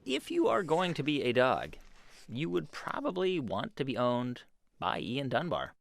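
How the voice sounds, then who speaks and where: A man's voice: mid-range voice, wildly swooping pitch, a little slow, creaky, slight background noise. A man hosting a radio program, narrating and interviewing a guest in a conversational, probing way. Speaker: radio host.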